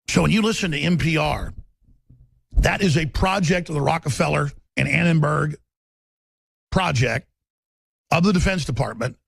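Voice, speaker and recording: Raspy, intense male radio host. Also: a little high, lively intonation, normal speed, pauses often, dry recording. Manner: intense, forceful, shifting pace. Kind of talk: talk radio monologue.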